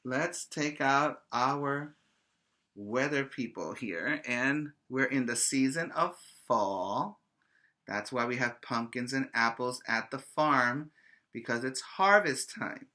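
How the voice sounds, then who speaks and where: A man teaching preschoolers over video, with a bright, forceful tone. He talks very slowly, in a sing-song voice, repeating each word so small children can follow. His questions are gentle and coaxing. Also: medium pitch, lively intonation. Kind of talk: virtual preschool lesson.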